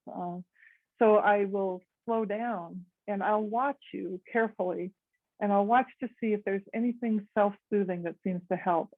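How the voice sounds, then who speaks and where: An American woman giving a gentle, thoughtful talk on conflict resolution to a meditation group, with many pauses and ums. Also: medium pitch, no echo, narrow, tinny audio. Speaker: guest speaker on conflict resolution.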